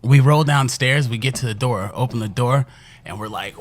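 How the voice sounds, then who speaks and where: A man's voice: medium pitch, normal speed, a little hiss or hum. A young man from Chicago, a podcast guest telling stories in casual chat, swearing freely and laughing as he goes. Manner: profane, laughing, animated storyteller. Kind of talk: casual storytelling.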